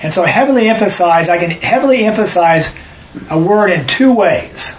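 Man, Bible study teacher, high pitch, corrective explaining style, faint hiss behind. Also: animated, normal speed, highs cut off. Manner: explanatory, stops readers to correct and stress words.

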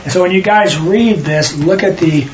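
A man's voice: high voice, moderate pace, highs cut off, slight background noise. A man leading a home Bible study, explaining passages and stopping readers to correct and stress words.

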